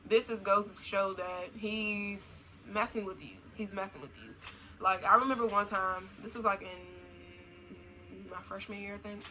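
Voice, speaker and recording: A woman's voice: mid-range voice, steady tone, unhurried, pushed and bright, a little hiss or hum, rough recording. A young adult woman talking casually in a blunt, slangy, profane way, repeating her points for emphasis. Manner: repetitive, emphatic. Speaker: vlogger. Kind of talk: casual rant.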